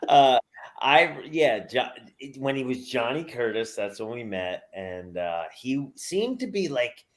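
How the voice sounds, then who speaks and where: Slow-talking male podcast host. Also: medium pitch, sing-song. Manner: unhurried, halting with fillers. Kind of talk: casual chat.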